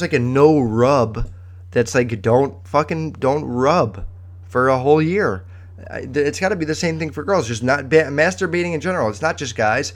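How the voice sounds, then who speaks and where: A man talking casually on his own podcast, with a voice of middling pitch. He rambles from thought to thought with plenty of swearing and filler words. He sounds frank and unguarded. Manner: rambling, profane, candid. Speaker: podcast host.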